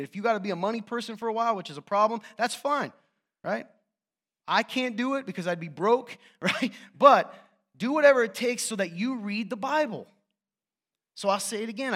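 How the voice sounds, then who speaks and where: A man preaching a sermon to a room as a youth pastor, passionate and animated, with joking, self-mocking asides. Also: high voice. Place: church hall with an audience.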